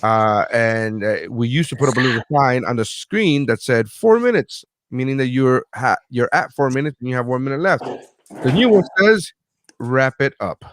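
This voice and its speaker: A man's voice: medium pitch, animated, moderate pace, a bit bright, no room sound. Profane, rambling podcast host man. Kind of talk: casual podcast banter.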